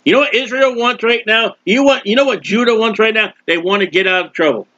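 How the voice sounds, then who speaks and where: A man's voice: high-pitched, a little fast, pushed and bright, no room sound. A male preacher giving an impassioned sermon and acting out prayers, in a dull lo-fi recording. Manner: impassioned, acts out prayers and quotes.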